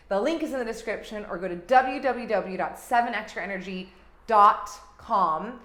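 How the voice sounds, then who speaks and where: A woman life coach hosting her podcast, giving an energetic, gushing motivational talk that swings between loud and hushed. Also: mid-range voice, normal speed. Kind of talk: motivational monologue. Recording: roomy echo.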